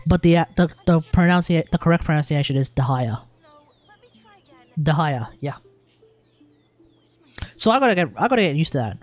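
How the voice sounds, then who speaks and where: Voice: mid-range voice, animated, a little fast, long pauses, a little mellow, soft background music. A young adult with an Australian accent, chatting casually on a game live stream, rambling, swearing freely and restarting sentences.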